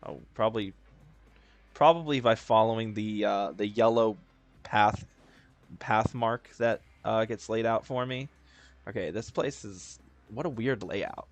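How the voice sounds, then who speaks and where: A man's voice: fairly low pitch, measured pace, soft background music. A laid-back man giving casual gameplay commentary, swearing and joking as he plays. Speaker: let's player.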